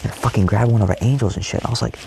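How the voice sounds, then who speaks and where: A man's voice: mid-range voice, fairly even intonation, rapid-fire, creaky, background noise. A young man talking in a rambling personal monologue, swearing constantly and often dropping his voice to a whisper. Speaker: vlogger.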